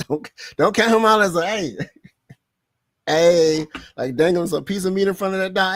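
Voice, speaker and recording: A man hosting a casual sports podcast, excitable and slangy, laughing often as he talks. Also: high-pitched, unhurried, long pauses, dry recording, studio quality. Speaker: podcast host.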